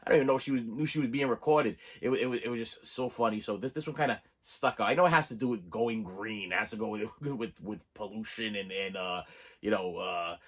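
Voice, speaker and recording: A man's voice: on the low side, brisk, slightly rough. A middle-aged man hosting a casual movie-haul video, rambling along with frequent restarts, stammers and chuckles. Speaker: channel host reviewing a movie haul. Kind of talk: casual chat to camera.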